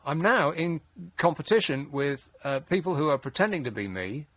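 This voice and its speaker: A man's voice: fairly high pitch, expressive, normal speed, fairly bright tone. A man hosting a late-night radio phone-in, wry and exasperated, rambling with frequent restarts. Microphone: studio mic.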